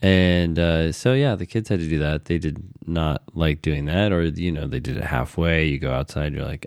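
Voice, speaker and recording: A father with a very deep voice and a gravelly fry tells family stories in an easygoing, rambling way. The sound is close and dry, with almost no room in it. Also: lively intonation, normal speed, few pauses, darkish tone, dry recording. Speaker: podcast co-host, father. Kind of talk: casual chat.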